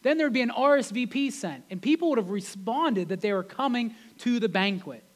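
A man's voice: very high voice, animated, brisk. A man, a pastor, preaching a sermon in a conversational way, often checking in with the congregation through rhetorical questions. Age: adult with wife and kids.

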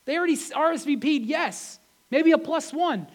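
A pastor with a notably high voice for a man delivers his sermon like a chat. He keeps throwing rhetorical questions at the congregation to keep them with him. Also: normal speed. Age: adult with wife and kids. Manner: conversational, peppered with rhetorical questions.

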